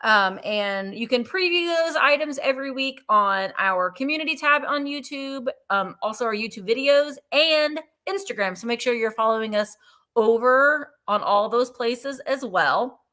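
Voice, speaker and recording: A woman hosting a live online vintage sale, her voice bright and a little high. She chats in a bubbly, upbeat way and greets her viewers by name as she goes. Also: animated, normal speed. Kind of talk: live-stream sales chat.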